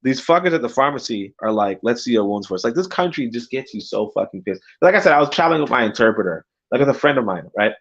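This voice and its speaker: A man's voice: mid-range voice, expressive, quick pace, gravelly, hardly any pauses, a bit bright, breathy edge, highs cut off. A man telling a story to his viewers in a casual rant, agitated and full of profanity and filler words. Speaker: vlogger.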